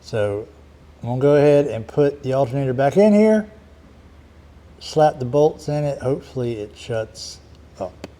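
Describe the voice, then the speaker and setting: A man's voice: mid-range voice, expressive, normal speed, mellow. A man talking casually and rambling a bit as he repairs a car outdoors, in a folksy way. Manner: rambling, folksy, talks while working. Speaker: DIY car repair vlogger. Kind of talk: casual workshop chat.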